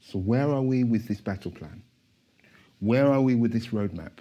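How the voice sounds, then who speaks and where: A man preaching a church sermon, moving from quiet asides to impassioned, emphatic declarations. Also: mid-range voice, moderate pace, lo-fi sound.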